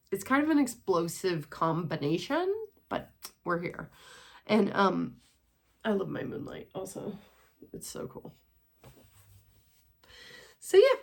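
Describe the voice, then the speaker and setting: Young woman, 20s, casual vlog chat, rambling, swears a bit, gravelly, lowish voice. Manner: chatty, rambling, sprinkled with swearing. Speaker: vlogger. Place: home, walking on a treadmill.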